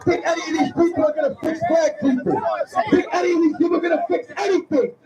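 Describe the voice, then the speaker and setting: A man arguing in a heated street debate outdoors, confrontational and shouting, repeating his taunts. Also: extremely high pitch, steady tone, fast talker, dull audio. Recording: distant mic with loud crowd.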